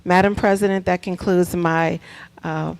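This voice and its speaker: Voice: medium pitch, steady tone, unhurried, vocal fry, clean tone, poor audio. A school superintendent giving announcements at a public board meeting, emphatic and repetitive, quizzing the audience, into a table microphone. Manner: preacher-like, repeats key points, quizzes the audience.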